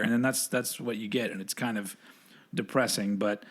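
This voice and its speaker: A man's voice: fairly low pitch, fairly even intonation, moderate pace. A man co-hosting a casual podcast chat, rambling and correcting himself as he talks. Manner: rambling, self-correcting, laughs often. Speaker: podcast co-host.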